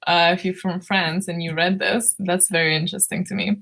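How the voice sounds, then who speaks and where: A woman from Lithuania with a hoarse, worn-out voice, hosting a book club live stream and chatting through viewer comments in a drowsy, giggly, rambling way. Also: lowish voice, level tone, a little fast, a bit bright. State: hoarse, losing her voice.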